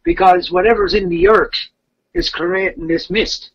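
A man's voice: high-pitched, sing-song, measured pace, vocal fry, fairly bright tone, breathy edge. A man telling a legend in casual, rambling talk, with repeated fillers. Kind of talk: casual storytelling. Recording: dull lo-fi podcast audio.

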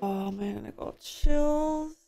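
A woman's voice: high voice, slow pace, creaky, mellow, soft background music. A young woman giving a first-time movie reaction, emotional and given to gasps and exclamations.

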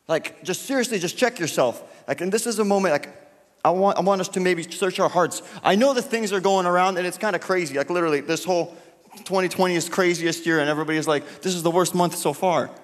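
Chatty young preacher in a reverberant hall. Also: male voice, sits high, fast. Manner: relaxed, chatty preaching with many fillers. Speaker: youth pastor. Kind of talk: casual sermon and prayer. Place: church hall.

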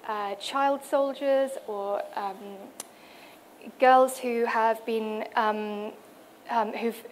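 At a cultural event in a hall, a woman from the United Kingdom gives a presentation introducing other artists, her voice on the high side with a little hiss or hum in the audio. She sounds hesitant, with many fillers and restarts, and she reads out quotes.

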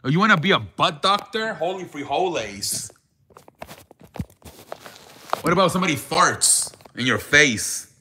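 A man's voice: fairly high pitch, animated, normal speed, sharp tone, a little hiss or hum. A man hosting a casual live show, joking and mock-offended with callers, sprinkling in Spanish words. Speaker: show host.

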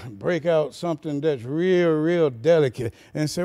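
High, gravelly-voiced male preacher. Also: expressive, measured pace. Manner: folksy, chuckling preaching that builds to shouted, sing-song cadences. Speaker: pastor. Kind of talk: sermon.

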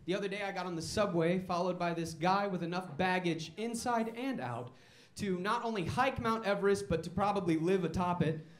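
A man's voice: high-pitched, brisk, hardly any pauses, reverberant. A man doing a stand-up comedy set on a comedy club stage, telling wry, self-mocking stories.

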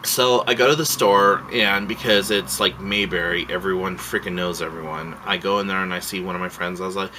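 A man's voice: low voice, fairly even intonation, fairly quick, few pauses, bright, forceful tone, slight background noise, low-quality recording. A man vlogging a casual rant, rambling and heartfelt, swearing freely and emotional as he tells his story.

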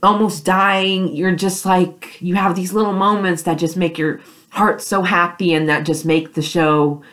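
A woman's voice: fairly low pitch, steady tone, measured pace, fairly bright tone. A young woman vlogging, gushing and rambling with lots of fillers as she reacts to a TV episode. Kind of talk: excited fan reaction vlog.

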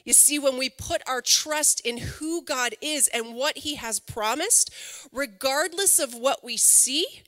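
A middle-aged woman pastor delivers a lively, conversational sermon, tossing rhetorical questions to her listeners. Her voice is bright and slightly high. A long reverb from the church hall trails behind her words. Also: slow.

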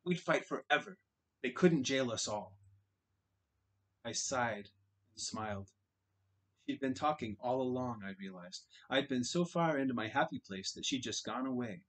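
A man's voice: medium pitch, expressive, normal speed, pauses often, fairly bright tone, poor audio. A man narrating a novel in the first person, earnest and dramatic in places. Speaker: audiobook reader. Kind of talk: audiobook narration.

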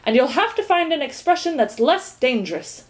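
A woman's voice: high-pitched, sing-song, normal speed, darkish tone, voice pushed up. Woman voicing a pompous royal minister. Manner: pompous, impatient.

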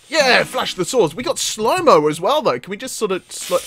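Man, gaming commentator, let's play, excitable, high-pitched, very lively intonation. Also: normal speed, few pauses. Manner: excitable, yelps and laughs at the action.

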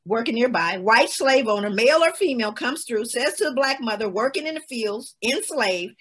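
A woman's voice: on the high side, expressive, normal speed, hardly any pauses, a bit bright, slightly rough. A woman, giving an emphatic, storytelling talk as a guest speaker on a webinar. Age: 60s. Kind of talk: lecture-style webinar talk.

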